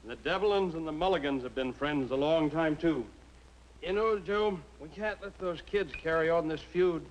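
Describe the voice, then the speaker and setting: An actor playing a gruff, stubborn middle-aged father in a 1950s TV sitcom. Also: on the high side, moderate pace, slight background noise, natural voice, rough recording.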